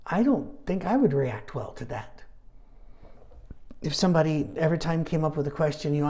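A middle-aged man leading a Bible study, talking casually and telling animated stories with asides. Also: on the high side, normal speed, long pauses. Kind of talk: conversational Bible teaching.

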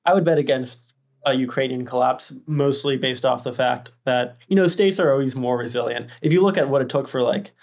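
A man with a strongly gravelly, fry-laden voice pushes back with skepticism. He often restarts his sentences as he works through his points in a casual podcast discussion. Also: medium pitch, fairly quick, darkish tone. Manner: hesitant restarts, skeptical pushback. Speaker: podcast host. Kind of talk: casual policy debate.

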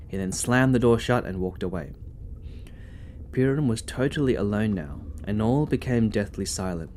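A man reading his own short story aloud as a storyteller in a gentle storytelling manner. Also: lowish voice, moderate pace, slight background noise. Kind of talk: scripted narration of a story.

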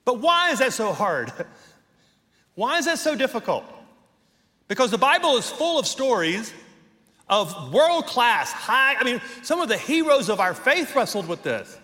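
A man's voice: very high-pitched, very animated, a little slow, sharp tone, long reverb tail. A middle-aged man, a pastor, preaching a sermon with emphatic rhetorical questions and touches of humor. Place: church sanctuary.

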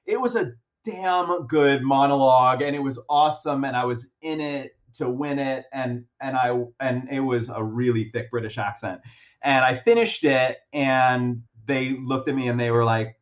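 A young man tells a story in an easygoing chat, full of fillers and restarts, at a mid-range pitch. He's animated and pokes fun at himself. The recording is a bit dull and lo-fi. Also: moderate pace. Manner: animated, self-deprecating, many fillers and restarts. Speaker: guest. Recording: dull lo-fi sound.

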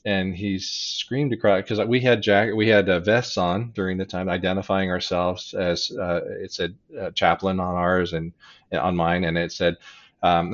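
Deep-voiced man, dull lo-fi recording. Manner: unhurried, halting, chuckles softly while recalling. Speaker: hospital chaplain and disaster volunteer. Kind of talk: reflective storytelling in conversation.

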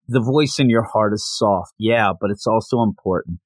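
A man's voice: fairly low pitch, normal speed, no echo. A man hosting a casual podcast, recapping a comic chapter in a chatty, slangy way and reading characters' lines aloud. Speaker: podcast host.

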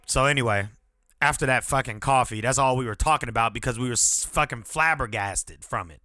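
Recorded cleanly and dry in a studio setting, this thirty-something podcast host tells a story alone, swearing casually and repeatedly bursting into irritation. He speaks a little fast in a bright, forceful mid-range voice, using a podcast mic without headphones.

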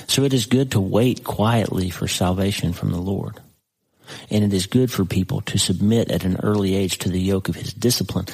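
A man preaching a sermon, reading scripture aloud slowly with dramatic pauses and breaking into conversational asides to the listener. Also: sits low, vocal fry, darkish tone, breathy edge, low-quality recording.

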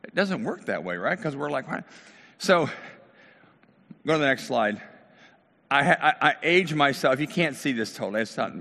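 A man's voice: medium pitch, big pitch swings, normal speed, pauses often, a bit bright, long reverb tail. A middle-aged man preaching a casual, conversational sermon, talking directly to his congregation in a church. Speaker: pastor.

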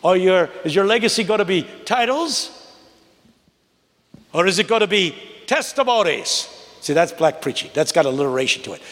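A man in his eighties preaching a sermon to a congregation, with a rhythmic cadence that climbs to high, emphatic peaks. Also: lively intonation, moderate pace, fairly bright tone. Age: 80s. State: unwell. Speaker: guest preacher. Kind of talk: sermon with storytelling. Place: large church. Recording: long reverb of a large church.

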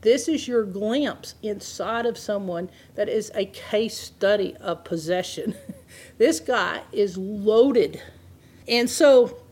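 A woman's voice: medium pitch, darkish tone, husky. A woman preaching a sermon, reading scripture aloud and laughing often as she explains it.

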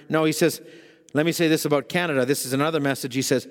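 A man preaching a sermon in church, fervent, dropping to a hush and rising to shouts. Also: a little high, fairly even intonation, fast talker. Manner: fervent, swings from hushed to shouting. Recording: long hall reverb.

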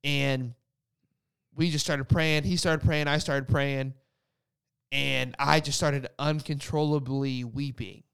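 A man's voice: medium pitch, steady tone, slow, gravelly, fairly bright tone, clean tone, no room sound, clean studio sound. A young man casually telling a personal faith story, rambling with lots of "like" fillers. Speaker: guest sharing a faith story. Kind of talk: casual testimony chat.

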